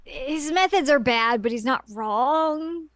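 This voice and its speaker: A woman's voice: high voice, slow pace, a bit bright, no room sound, studio quality. A woman co-hosting a podcast, chatting casually about an episode with quips and playful sound effects. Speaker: podcast co-host. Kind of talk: casual episode recap chat.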